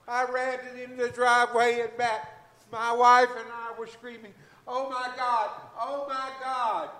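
A middle-aged man, a physician, giving a fervent, emotional testimony in church and breaking into shouts of hallelujah. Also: very high-pitched, roomy sound. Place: church sanctuary.

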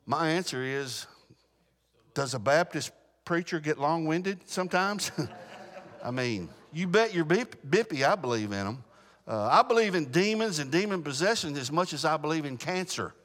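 Speaking at normal speed in a slightly high voice, this Baptist preacher gives a lively sermon with a big-room sound. He frequently starts his words over and repeatedly asks the congregation if they follow.

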